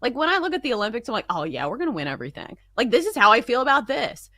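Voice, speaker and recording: A woman's voice: fairly high pitch, sing-song, rapid-fire, sharp tone. A woman co-hosting a sports show, talking in chatty, playfully indignant rambles full of fillers. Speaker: co-host. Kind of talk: casual studio banter.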